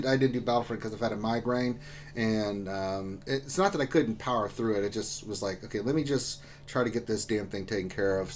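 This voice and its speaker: A man hosting a live stream, reading out viewer greetings in a loose, joking way while in back pain and drinking, jumping between loud shout-outs and low mutters. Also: a little hiss or hum. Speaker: livestream host.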